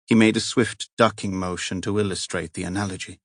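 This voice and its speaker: This is a deep-voiced man delivering scripted audiobook narration of a novel, keeping his storytelling steady and measured. The studio sound is clean, without any room sound.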